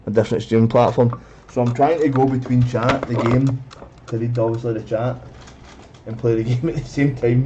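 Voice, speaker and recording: Rambling man streaming a game. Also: medium pitch. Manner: rambling, swears often, says "mate" constantly. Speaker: gaming streamer. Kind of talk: casual storytelling while streaming. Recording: dull lo-fi, off-mic, noisy.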